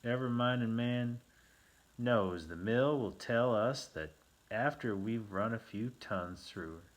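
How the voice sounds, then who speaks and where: A man's voice: mid-range voice, slow pace, voice pushed up, lightly acted. A man doing a whiny frontier mill man. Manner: whiny drawl with rough frontier slang.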